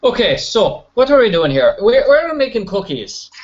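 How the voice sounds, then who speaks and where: A man chatting through a video game, joking as he goes. His pitch jumps around a lot. The recording sounds dull and lo-fi. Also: normal speed. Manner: joking, animated, silly voices. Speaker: let's play host. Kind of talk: casual gameplay commentary.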